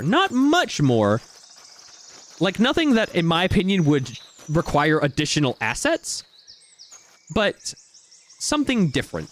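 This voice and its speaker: A man casually commenting on a game while he plays, rambling and searching for his words. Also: on the high side. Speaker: gameplay commentator. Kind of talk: casual let's-play commentary.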